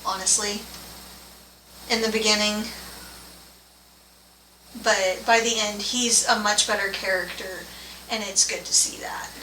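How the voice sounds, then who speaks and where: Unhurried chatty woman in an echoey room. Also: medium pitch. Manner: laughs often, relaxed and chatty. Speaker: co-host of a movie and tea review show. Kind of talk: casual review chat. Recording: roomy, from a distance, faint room noise.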